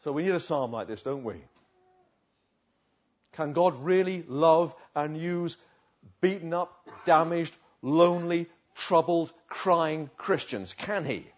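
A man preaching a sermon, swinging from loud urging to hushed, slow pleading. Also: fairly high pitch. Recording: dull lo-fi recording.

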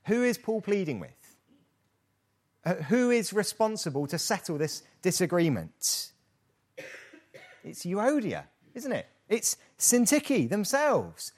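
A man's voice: sits high, takes it slowly, long pauses. A British man preaching a sermon, with rhetorical questions and playful asides. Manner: lively, rhetorical questions, mock-hesitant asides.

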